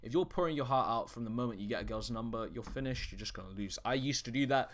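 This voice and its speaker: A man's voice: medium pitch, fast talker, a little hiss or hum. A man coaching on dating in a casual, direct-to-camera talk. He is blunt and swears freely, often restarting his sentences mid-thought.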